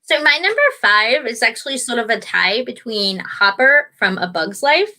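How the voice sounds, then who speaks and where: A woman guest in a casual chat, excitable and animated. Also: moderate pace, poor audio. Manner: excitable, animated, squeals up high.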